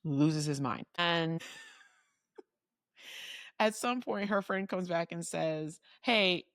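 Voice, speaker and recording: A woman co-hosting a podcast, chatting and telling a story in an animated way with frequent laughs. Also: lowish voice, dry recording, clean studio sound. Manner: animated, laughing, jumps in with quick asides. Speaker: podcast co-host. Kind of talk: casual chat and storytelling.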